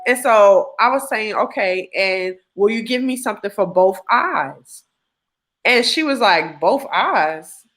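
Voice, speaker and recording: A woman giving an emotional personal testimony, animated and acting out what others said to her. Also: mid-range voice, measured pace. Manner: animated storyteller acting out quoted dialogue. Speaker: testimony guest.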